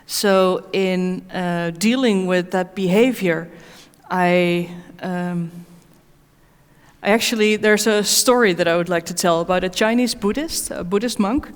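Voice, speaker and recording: A woman's voice: on the low side, unhurried, smooth. Hesitant woman speaker in an echoey hall. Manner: hesitant, many fillers and restarts. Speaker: conference speaker and certified coach. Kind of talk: conference Q&A answer. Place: conference hall.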